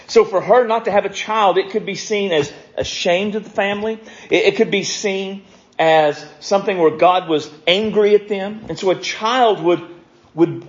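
A man preaching a sermon, retelling scripture stories in a casual way and reading verses aloud quickly. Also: high-pitched, dull audio.

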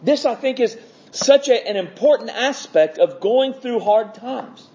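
A man preaching an evening sermon, earnest, stretching key words slowly. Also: very high-pitched, expressive, a little mellow. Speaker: pastor. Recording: dull lo-fi sermon audio.

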